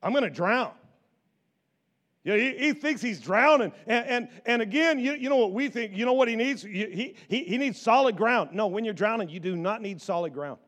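A middle-aged man preaches from the pulpit in a lively, conversational way. He stumbles over and repeats words as he goes, slipping into quoted voices. His speaking voice sits somewhat high for a man. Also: moderate pace. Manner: animated, repeats words, acts out biblical quotes. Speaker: pastor. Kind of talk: sermon.

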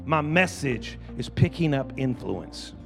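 A man preaching a sermon as pastor, repeating phrases and building to loud shouts. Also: mid-range voice, sing-song, a little slow, vocal fry, big-room sound, soft background music. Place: church.

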